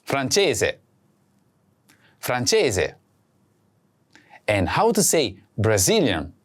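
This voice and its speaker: A man hosting a language lesson, speaking slowly and clearly and saying each word twice for practice. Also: mid-range voice, wildly swooping pitch, a little hiss or hum. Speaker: language teacher host. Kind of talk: slow scripted lesson with repeat-after-me drills.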